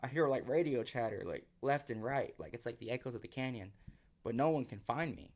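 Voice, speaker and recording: A man of average pitch recounts a dramatic fall in relaxed podcast chat. He slips into the voices of his own past self and drops low and quiet when the story gets tense. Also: a little fast. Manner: vivid, acts out his own quotes, drops to near whisper. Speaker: podcast guest. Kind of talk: casual storytelling.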